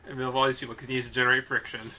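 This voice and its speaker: A man's voice: mid-range voice, flat delivery, very fast, bright, forceful tone. A young man co-hosting a casual movie podcast, rambling and correcting himself as he talks, often laughing. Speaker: podcast co-host.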